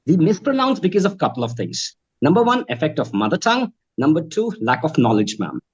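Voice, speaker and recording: A man's voice: a little high, sing-song, a little fast, slightly rough, muffled recording. Earnest male trainer. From India. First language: Bhojpuri. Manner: earnest, advising, keeps saying ma'am and right. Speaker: accent trainer and guest. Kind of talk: interview answers.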